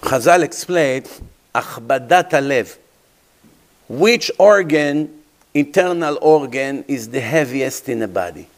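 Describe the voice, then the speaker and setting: A man's voice: mid-range voice, lively intonation, slow pace, slight background noise. A man preaching as a rabbi, telling stories dramatically in imperfect English and asking his listeners rhetorical questions. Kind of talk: sermon.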